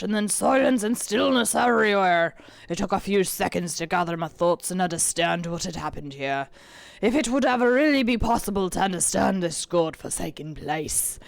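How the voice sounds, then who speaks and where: Casual: gruff old sea captain, a woman putting it on, reading his log slow and steady, gravelly tone, dry close sound. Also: fairly low pitch, dry recording, pitched below the performer's own voice. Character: weathered male ship captain, grim and determined.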